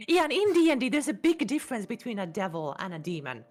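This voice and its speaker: A woman's voice: fairly high pitch, faint music behind. A woman vtuber guest chatting playfully and animatedly in a casual interview. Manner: playful, animated, quick with jokes.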